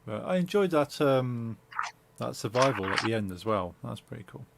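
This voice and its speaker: A man's voice: medium pitch, very animated, moderate pace, vocal fry, heavy background noise. A man streaming a game, chatting casually and hesitantly with lots of fillers and restarts. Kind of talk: casual gaming chat.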